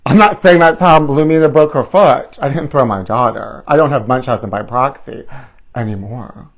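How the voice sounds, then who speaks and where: A man hosting a live stream, chatting to viewers in a campy, sassy, rambling way. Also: fairly high pitch.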